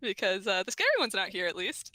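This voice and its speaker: A woman with a bright, lively voice that jumps around in pitch, laughing often as she narrates what her character does at the game table. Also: quick pace, no echo. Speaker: player. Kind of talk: casual tabletop game play.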